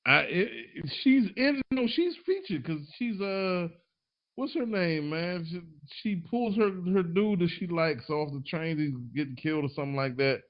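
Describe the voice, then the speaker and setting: Animated slangy man, casual podcast chat. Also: high-pitched, moderate pace. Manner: animated, rambling with restarts, slangy. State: a little tipsy. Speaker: podcast host. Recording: dull lo-fi recording.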